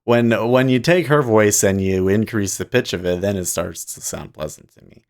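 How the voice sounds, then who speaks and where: A man hosts a livestream in casual chat, rambling, breaking off mid-sentence, and laughing often. His voice is lowish, clear, and resonant.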